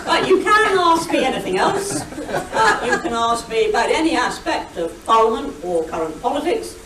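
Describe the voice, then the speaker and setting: A woman's voice: high-pitched, sing-song, background noise. An older woman giving a witty, anecdotal talk as guest speaker, recorded from a distance in a hall over a video call. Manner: brisk, witty storyteller, mimics shouted quotes. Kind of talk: anecdotal after-dinner talk. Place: meeting hall.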